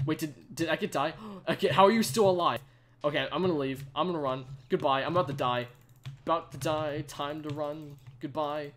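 Talking briskly in a fairly high voice, a young man streams a game with chatty live commentary, saying hello to viewers and filling his speech with fillers. Behind him there's faint keyboard typing and a little background noise.

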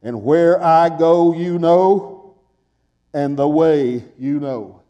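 An older man preaching a fervent sermon in a church, building to shouts and calling for his congregation to answer back. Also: on the high side, takes it slowly, big-room sound, dull audio. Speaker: pastor. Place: church sanctuary.

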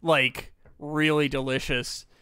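Bright-voiced man hosting a podcast. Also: on the high side, little pitch movement, slow pace, clear, resonant tone, dry recording. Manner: rambling, jokey, trails off into asides. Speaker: podcast host. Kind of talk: casual podcast chat.

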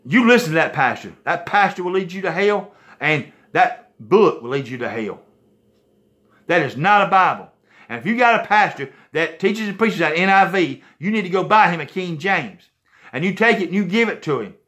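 Guy preaching hard at the camera, keeps going folks listen, bit high pitched. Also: lively intonation, moderate pace, fairly bright tone. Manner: impassioned, emphatic, repeatedly saying "folks, listen". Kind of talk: preaching to a video audience.

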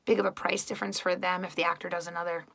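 Gravelly, bright-voiced chatty actress. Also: female voice, fairly low pitch, level tone, racing, no echo. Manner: chatty, rambling storytelling. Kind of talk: casual recorded fan message.

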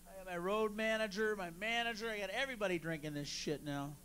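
Man, stand-up comedian, high-pitched, profane, shouty bursts, noisy live club recording. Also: quick pace, few pauses. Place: club stage at a rehearsal.

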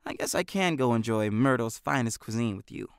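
A man voicing a quiet, understated teenage boy with dry humor in an audiobook. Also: mid-range voice, animated, fairly quick, smooth, dry recording, close to an everyday voice. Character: quiet, dry-witted teen boy hero.

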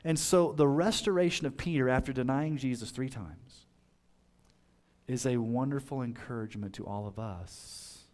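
A man preaching a sermon in church, earnest, swinging from loud fervent passages to soft, hushed lines. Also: lowish voice. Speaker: pastor. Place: church sanctuary.

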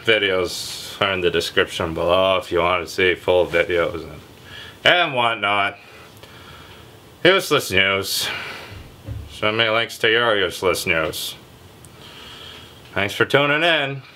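A man hosting a comedic news vlog, sarcastic and irreverent, with a deliberately lazy, low delivery. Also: expressive, pushed and bright. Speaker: vlog host.

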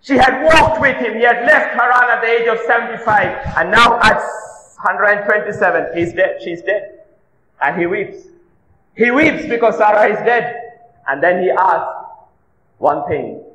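A man preaching with a high, bright, ringing voice that carries through an echoey church hall. He presses his points with rhetorical questions and drives home key phrases by repeating them. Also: measured pace, a little hiss or hum. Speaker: pastor. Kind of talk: sermon.

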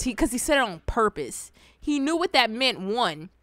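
A woman's voice: on the high side, sing-song, moderate pace, a bit bright, dry recording. A young adult woman chatting casually, telling funny childhood stories and reacting to comments. She laughs often and swears freely. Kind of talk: casual storytelling chat.

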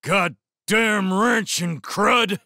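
A man's voice: high-pitched, drawn-out words, no echo, studio quality, pitched above the performer's own voice, exaggerated voice. A man voicing a huge, drunk, enraged brute who bellows and slurs. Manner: bellowing, slurred shouting.

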